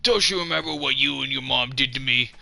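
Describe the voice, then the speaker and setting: A man voicing a drunk, bitter, lonely middle-aged man while reading game dialogue aloud, slurring and gruff. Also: lowish voice, lively intonation, normal speed, pushed and bright, dry recording. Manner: slurred, gruff delivery with rising outbursts.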